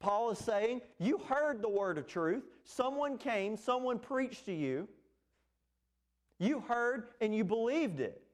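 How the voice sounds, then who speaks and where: A man's voice: extremely high pitch, lively intonation, takes it slowly. A man preaching an expository sermon, earnest and emphatic, with fillers and restarts. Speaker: pastor.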